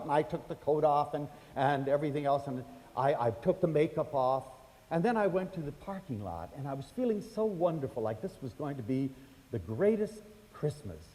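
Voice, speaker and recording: An older man from the United States telling personal stories to an audience, chatty and animated, acting out the voices of the people in them. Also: a little high. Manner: animated, acts out quoted voices, chatty fillers. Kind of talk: storytelling lecture to an audience. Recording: hall reverb.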